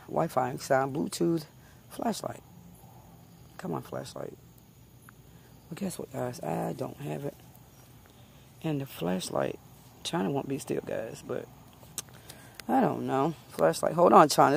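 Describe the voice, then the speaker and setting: A woman, vlogging at home on her phone in loud, profane, laughing banter. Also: rumbling low, sing-song, a little slow, vocal fry, long pauses, a little hiss or hum. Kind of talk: casual home vlog. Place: home, indoors then outdoors at night.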